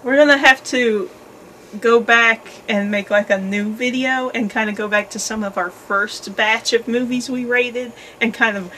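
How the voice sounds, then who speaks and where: Woman, review co-host, dry jokes, high-ish voice, faint noise behind. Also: steady tone, moderate pace, bright, forceful tone, low-quality recording. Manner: dry, joking asides. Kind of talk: casual movie review chat.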